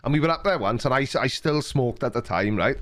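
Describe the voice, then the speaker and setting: A man's voice: medium pitch, expressive, a little fast, fairly bright tone. A Welsh man hosting a live stream, chatting casually with a caller and telling stories with frequent laughs. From Wales. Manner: chatty storyteller, laughs often. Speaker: livestream host.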